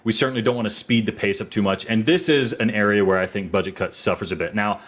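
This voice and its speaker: A man's voice: on the low side, fast, fairly bright tone. A man reviewing a video game in a playful mock-courtroom manner.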